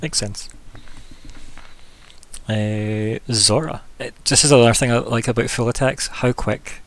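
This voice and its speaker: A man's voice: mid-range voice, steady tone, measured pace, a bit bright. A man as game master of a tabletop game, chatting casually and throwing in sound effects.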